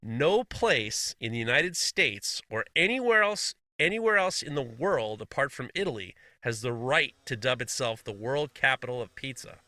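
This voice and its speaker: Tense, bright-voiced podcast co-host. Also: male voice, mid-range voice, lively intonation, moderate pace, few pauses, no echo. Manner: laughs often, swears casually, blunt. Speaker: podcast co-host reading listener questions. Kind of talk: casual podcast banter.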